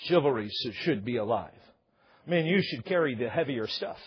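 A man's voice: mid-range voice, lively intonation, moderate pace, husky, muffled recording. A middle-aged man preaching a sermon with jokes, often putting on the voices of husbands and wives. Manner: joking, acts out couples' voices. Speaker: pastor. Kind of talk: humorous sermon.

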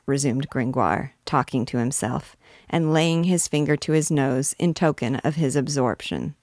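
Woman reader, deep voice, slow and measured, dry close recording. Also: no echo. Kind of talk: reading a novel aloud.

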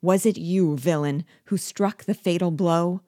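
A woman reading aloud and voicing a horrified young nobleman of twenty who cries out in loud, outraged exclamations. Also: low voice, steady tone, unhurried, dry recording, studio quality.

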